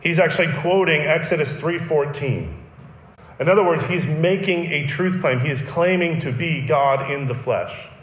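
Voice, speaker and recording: A man's voice: a little high, normal speed, echoey room. A man preaching a sermon, explaining a text in an earnest teaching manner with emphatic repetition. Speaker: pastor.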